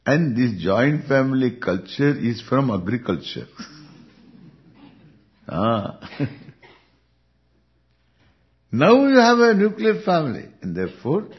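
A man with an Indian accent gives a Vedanta discourse as a spiritual teacher. He speaks very slowly, with a lively rise and fall, and chuckles often. The recording is dull and lo-fi. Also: mid-range voice. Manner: unhurried, chuckling, lively intonation.

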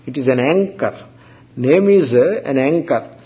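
A man giving a spiritual discourse as a teacher, speaking slowly with halting pauses and restarts and chanting Sanskrit terms. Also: mid-range voice, expressive. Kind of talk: Vedanta discourse. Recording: dull lo-fi recording.

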